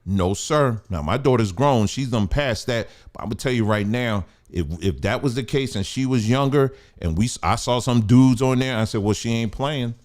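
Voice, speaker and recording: A man's voice: medium pitch, moderate pace, hardly any pauses, darkish tone. A man hosting a casual commentary show, talking in a blunt, emphatic, colloquial way.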